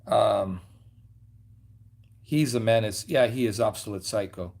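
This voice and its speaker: A man's voice: on the low side, a little slow, vocal fry, long pauses, darkish tone. Rambling man chatting on a home livestream. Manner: rambling, loose, with many fillers and trailing asides. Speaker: livestream host. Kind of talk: casual livestream chat. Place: lounge at home.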